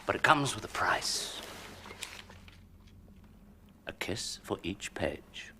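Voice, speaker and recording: An actor playing a lecherous male writer who flirts in a hushed, seductive whisper. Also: on the low side, very animated, slow, slight background noise, heavily acted.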